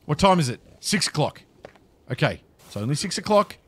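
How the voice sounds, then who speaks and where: A man's voice: a little high, sing-song, moderate pace, fairly bright tone, slightly rough. A man giving casual, flustered commentary while playing a video game, chatting to the creatures on screen.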